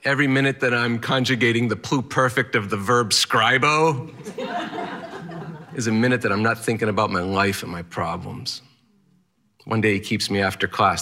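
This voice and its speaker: Male storyteller with a lowish, bright, forceful voice, delivering a punchy first-person tale. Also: normal speed, pauses often. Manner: vivid present-tense narration with rhythmic, punchy phrasing.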